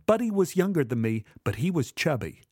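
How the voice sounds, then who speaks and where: A man telling a first-person memoir story in a measured, dramatic way. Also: fairly high pitch, sing-song, darkish tone, slightly rough, no echo, studio quality. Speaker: narrator.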